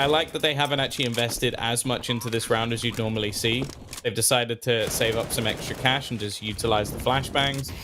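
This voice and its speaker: A man doing play-by-play commentary as an esports caster, quick and playful with joking banter. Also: mid-range voice, noisy background.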